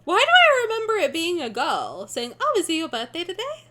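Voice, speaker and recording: A young woman streamer reacting to a game with excitable, casual commentary. She swears and laughs often. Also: extremely high pitch, brisk.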